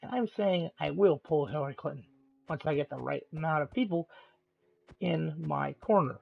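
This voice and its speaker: A man streaming live, delivering an angry rant in a deliberately calm, measured voice with halting pauses. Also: on the high side, creaky. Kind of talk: ranting monologue on a live stream. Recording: tinny, phone-like lo-fi sound.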